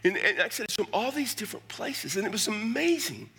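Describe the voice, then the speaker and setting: Bright-voiced Texan preacher. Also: male voice, high-pitched, very animated, fast talker, breathy edge. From South Texas. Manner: conversational, folksy preaching with asides. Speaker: pastor. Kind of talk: sermon.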